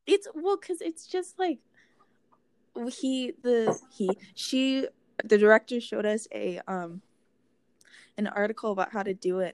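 A woman's voice: mid-range voice, unhurried, dry recording. A teenage American girl co-hosting a podcast, chatting casually and filling her talk with "like". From United States. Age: teens. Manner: chatty, lots of "like" fillers. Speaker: podcast co-host. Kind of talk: casual chat.

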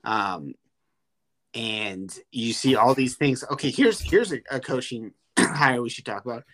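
A man's voice: medium pitch, expressive, measured pace, a bit bright. A young man co-hosting a casual sports podcast, ranting heatedly and swearing freely. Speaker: podcast co-host.

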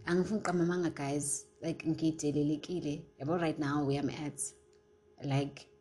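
A woman's voice: sits low, fairly even intonation, a little fast, dark tone, poor audio. A young South African woman venting in a casual, heated, profane vlog rant, switching between English and isiZulu. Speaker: vlogger.

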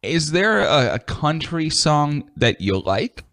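A man's voice: on the high side, very animated, slow pace, fairly bright tone, no echo, studio quality. Easygoing male podcast co-host. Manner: easygoing, laughs along. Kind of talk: casual chat.

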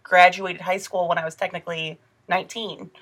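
A Midwestern American woman co-hosts a casual true-crime podcast, recounting a case in a chatty, rambling way full of fillers. Her voice is on the low side and a bit bright, with little pitch movement, and she talks a little fast.

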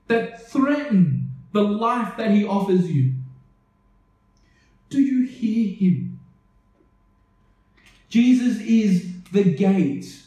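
A man's voice: high voice, lively intonation, takes it slowly, warm tone. A man preaching a sermon earnestly, asking the listeners question after question. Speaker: pastor. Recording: echoey room, voice from a distance.

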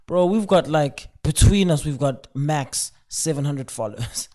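A man's voice: a little high, expressive, a little slow, dark tone. Eager, stammering man on a podcast. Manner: enthusiastic, stammering restarts, slangy. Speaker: podcast co-host. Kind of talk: casual chat.

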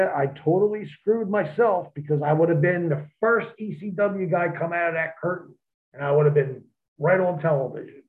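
A man, a wrestler, telling profane, animated stories as an interview guest over a phone line. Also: fairly high pitch. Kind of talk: storytelling in an interview.

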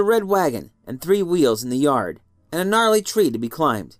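A man reading a story aloud with an expressive, lilting delivery. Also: fairly high pitch, normal speed, hardly any pauses, no room sound, clean studio sound. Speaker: narrator. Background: faint music.

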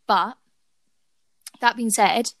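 A woman's voice: on the high side, extremely slow, no echo. A young woman co-hosting a podcast, telling a personal story in casual chat and talking to her listeners. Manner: chatty storytelling, giggly, addresses listeners. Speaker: podcast co-host.

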